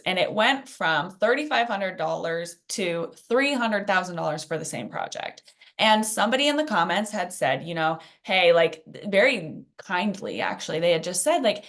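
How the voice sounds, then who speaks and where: A woman with a somewhat low voice leads a live workshop. She talks in a loose, conversational way, full of fillers and friendly asides. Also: lively intonation, normal speed, a bit bright. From Phoenix. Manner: chatty, conversational with many fillers. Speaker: workshop presenter. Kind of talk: casual teaching in a live workshop.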